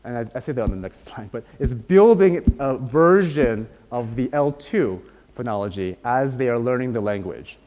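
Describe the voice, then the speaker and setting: A man's voice: medium pitch, animated, moderate pace, a little mellow. A man giving a university lecture, explaining step by step and often checking in with "right?". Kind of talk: academic lecture. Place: lecture hall. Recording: long hall reverb.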